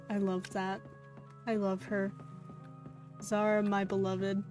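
A woman streamer chatting casually while she plays a game, easily excited, cooing at characters and now and then swearing. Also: medium pitch, takes it slowly, pauses often. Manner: excitable, gasps and coos, swears lightly. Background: faint game music.

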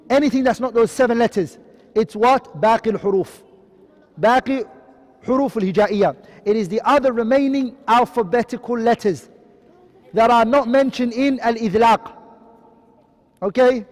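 A man teaches a tajweed lesson with a very high voice and a brisk pace. He rattles off Arabic terms, explains them in English, and keeps asking questions that he then answers himself. His voice rings with a long reverb. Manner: quizzing, asks and answers his own questions. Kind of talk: online lesson.

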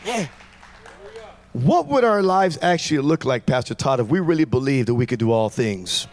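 A man preaching a sermon in a church, shouting out fervent declarations to the congregation. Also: mid-range voice, sing-song, moderate pace, some chatter behind. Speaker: guest pastor.

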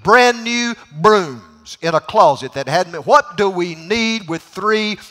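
A man voicing an upset male church member complaining loudly and indignantly. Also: sits high, takes it slowly, big-room sound, heavily acted. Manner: agitated, indignant.

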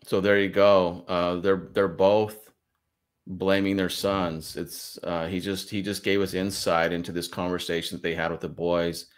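Deep-voiced man giving earnest analysis. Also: flat delivery, a little slow, clear, resonant tone. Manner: earnest, emphatic, repetitive. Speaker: forensic statement analyst, guest. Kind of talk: analytical commentary.

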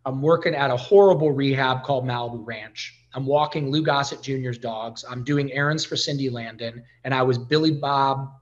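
A man talking as a podcast guest, telling stories in an animated way and acting out the dialogue. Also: medium pitch, moderate pace, few pauses, muffled recording. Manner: animated storyteller who acts out quoted dialogue. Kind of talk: casual storytelling interview.

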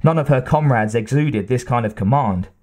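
A man's voice: mid-range voice, moderate pace, darkish tone. Man narrating an audiobook steadily. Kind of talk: scripted narration.

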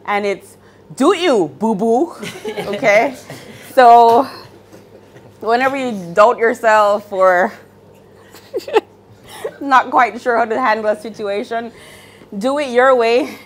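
Woman, eulogy speaker, slow and emotional, halting with nervous laughs. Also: medium pitch. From Jamaica. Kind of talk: memorial eulogy.

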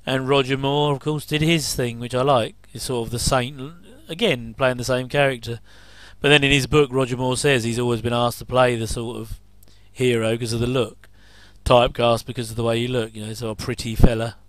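A man's voice: mid-range voice, flat delivery, fairly quick, few pauses, a bit bright, no room sound. A middle-aged man giving a chatty, jokey commentary over a TV episode. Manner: chatty, jokey asides with chuckles. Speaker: commentary host. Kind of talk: casual watch-along commentary.

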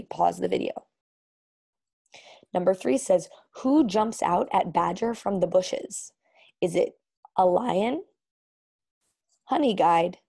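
Gravelly-voiced woman teacher reading aloud. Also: medium pitch. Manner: expressive read-aloud with sound words. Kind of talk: reading a storybook aloud, then quiz questions.

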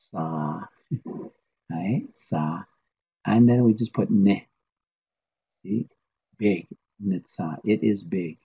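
Slow gravelly man teaching a language. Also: deep voice. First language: Navajo. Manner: slow, patient, repeats words for learners. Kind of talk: informal spoken lesson. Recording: tinny phone-like audio.

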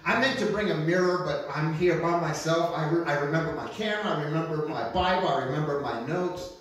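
A man's voice: fairly high pitch, brisk, hardly any pauses, fairly bright tone. A man preaching as a pastor, talking to his listeners and asking them questions, recorded alone with a camera. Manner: conversational, repeats himself, asks the listeners questions. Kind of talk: sermon. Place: large echoey room, alone with a camera. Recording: very echoey room, mic at a distance.

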